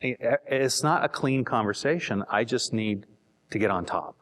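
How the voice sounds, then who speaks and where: A man's voice: mid-range voice, animated, moderate pace, a bit bright, long reverb tail. A middle-aged man speaking candidly to couples, joking and poking fun at himself. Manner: joking, self-deprecating. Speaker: seminar speaker.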